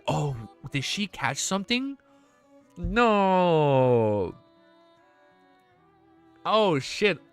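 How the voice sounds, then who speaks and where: A man's voice: fairly high pitch, a bit bright. Emotional young male streamer reading aloud. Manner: casual, swears, reacts emotionally between passages. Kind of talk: reading a novel aloud on a livestream.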